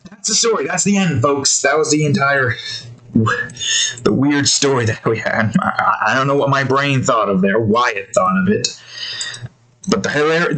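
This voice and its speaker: In this rough recording, a streamer offers casual, rambling commentary while he draws. His mid-range, fairly bright voice wanders chaotically, with frequent self-corrections.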